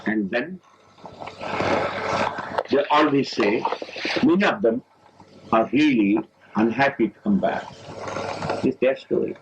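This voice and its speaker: A man from India, a spiritual teacher telling a religious story in a lively, halting lecture. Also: medium pitch, background noise. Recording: dull old lecture tape.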